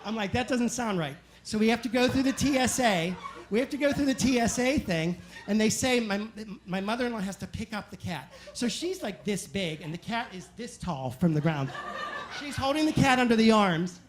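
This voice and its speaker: High-voiced man doing stand-up. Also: slight background noise. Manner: animated, self-mocking anecdotes with quick asides. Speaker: stand-up comedian. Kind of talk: stand-up storytelling. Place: live comedy club stage.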